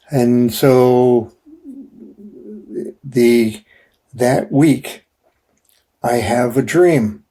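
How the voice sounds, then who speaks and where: An older man telling his personal story as an interview guest, halting with many restarts and fillers. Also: medium pitch, mellow, breathy edge.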